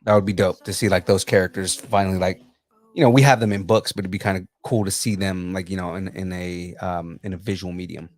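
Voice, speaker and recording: A man's voice: low voice, fairly even intonation, fairly quick, a little mellow. A man co-hosting a casual pop culture podcast, talking enthusiastically and rambling with lots of fillers. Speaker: podcast co-host.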